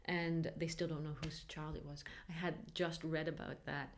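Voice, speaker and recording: A woman in her thirties talking frankly in an interview, halting often and laughing as she talks. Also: low-pitched, flat delivery, a little hiss or hum. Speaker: interviewee, mother. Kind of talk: candid interview.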